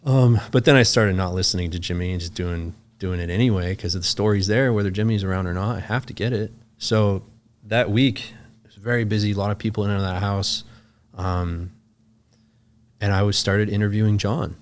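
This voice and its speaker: Guy on a podcast telling a story, lowish voice, swears a lot, says like constantly. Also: steady tone, brisk. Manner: loose and profane, full of "like" fillers. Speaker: podcast guest. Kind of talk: casual storytelling.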